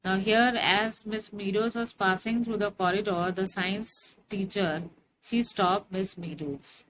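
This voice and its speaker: A woman teacher talks through a story line by line at an unhurried pace, pausing on fillers as she explains. Her voice sits at a middle pitch. A steady noisy hiss runs under the recording. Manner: slow, explanatory, frequent fillers. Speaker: English teacher.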